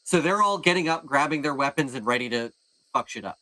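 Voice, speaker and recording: A man narrating as game master in a casual, animated way. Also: mid-range voice, brisk. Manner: animated, casual, swears freely.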